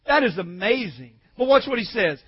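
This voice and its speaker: A man preaching a sermon in a very high voice, rising from soft asides to shouted, near-tearful peaks. He has the congregation repeat lines back to him. The recording sounds dull and lo-fi. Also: very animated, normal speed, breathy edge. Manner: swells from quiet asides to shouted, crying climaxes.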